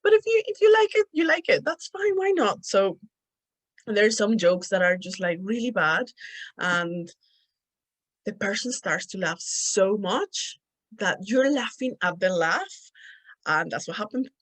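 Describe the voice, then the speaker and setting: A woman's voice: medium pitch, expressive, a little slow, low-quality recording. A woman with a Spanish accent, a native Spanish speaker, hosting a solo podcast and chatting casually with frequent laughter. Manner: chatty, laughs often while telling stories. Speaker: podcast host.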